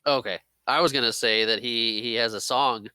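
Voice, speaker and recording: A man's voice: medium pitch, steady tone, normal speed, bright, forceful tone, clear, resonant tone, no echo. A man co-hosting a casual movie podcast, playful and teasing, laughing often. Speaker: podcast co-host. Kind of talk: casual chat.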